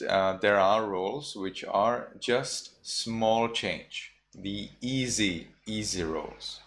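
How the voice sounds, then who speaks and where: Man, monk teacher, slow deliberate delivery, lowish voice, repeats each sound. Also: a bit bright. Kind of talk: slow patient classroom teaching.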